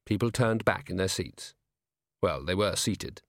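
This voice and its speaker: Measured male audiobook narrator. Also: sits low, lively intonation, no room sound. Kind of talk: scripted narration. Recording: dry close studio sound.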